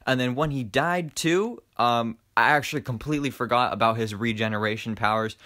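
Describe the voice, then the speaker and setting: A young man casually reviewing an animated film, enthusiastic and rambling, with lots of fillers and restarts. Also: mid-range voice, a little fast, hardly any pauses. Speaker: movie reviewer.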